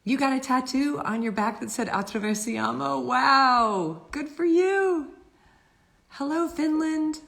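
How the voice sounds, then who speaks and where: A woman's voice: a little high, fairly bright tone. A woman hosting a live-stream author interview, chatting casually and affectionately with viewers, often laughing.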